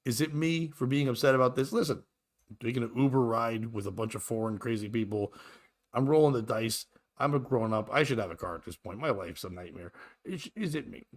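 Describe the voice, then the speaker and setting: Middle-aged guy ranting on his solo podcast, crude and fed up, regular pitch. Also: a little fast. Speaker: podcast host. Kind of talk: solo comedic storytelling.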